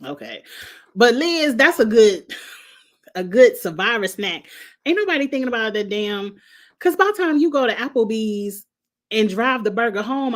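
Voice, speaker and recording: A middle-aged woman recapping a reality show in casual chat, blunt and sassy, laughing at her own jokes. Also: on the high side.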